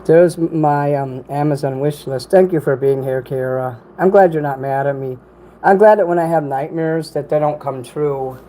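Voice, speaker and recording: A man's voice: a little high, moderate pace, dark tone, a little hiss or hum, rough recording. Rambling man streaming from home. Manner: rambling, apologetic, swears casually. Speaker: livestream host reading chat. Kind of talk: casual livestream chat while eating.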